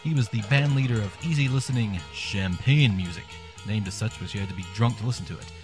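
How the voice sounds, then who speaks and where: A man's voice: lowish voice, fast, over music. A man hosting a comic show, delivering a sarcastic, rambling, irreverent monologue. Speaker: podcast host.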